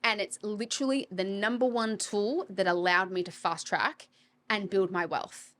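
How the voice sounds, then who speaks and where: A woman's voice: medium pitch, fairly even intonation, normal speed, a bit bright. A woman, a property coach, talking bluntly and with energy in a podcast interview, swearing casually. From Australia.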